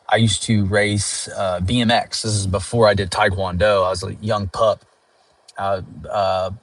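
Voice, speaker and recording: In a car, a sleep-deprived comedian chats casually while driving, rambling with plenty of fillers and restarts. His voice is lowish, and the recording has no echo.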